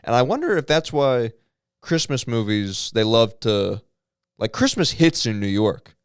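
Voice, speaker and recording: Guy cohosting a podcast, crude jokey rants, smooth voice, dry close sound. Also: mid-range voice, very animated, no echo. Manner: rapid, argumentative, crude joking. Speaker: podcast co-host. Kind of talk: casual podcast banter.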